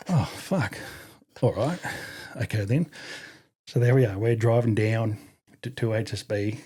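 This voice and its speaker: A man in his forties with an Australian accent tells a casual anecdote as a podcast guest. His voice is dark and slightly husky, and he swears freely and laughs as he talks. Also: lowish voice, a little slow. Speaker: podcast guest, army veteran. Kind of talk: casual storytelling interview.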